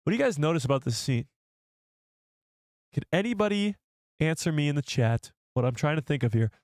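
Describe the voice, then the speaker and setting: Brief: excitable male streamer, rambling casual chat with viewers, very dry close sound. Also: fairly high pitch, fairly quick, no room sound. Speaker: live stream host.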